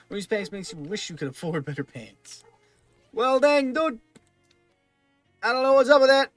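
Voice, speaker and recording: A man's voice: high-pitched, fairly bright tone, no room sound. Man muttering through a game. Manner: thinking aloud, muttering through item lists. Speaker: gaming video host. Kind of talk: let's play commentary.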